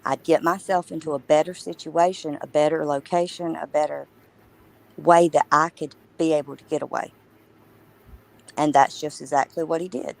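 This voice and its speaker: A woman's voice: sits low, fairly even intonation, normal speed, creaky, low-quality recording. A woman co-hosting a casual true crime livestream, talking emphatically and indignantly with many restarts.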